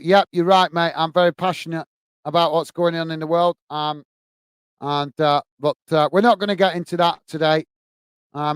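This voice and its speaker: A man's voice: fairly high pitch, clear, resonant tone, no echo. An English man hosting a live stream, reading out chat messages and chatting casually, calling viewers mate. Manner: chatty, apologetic, says mate often.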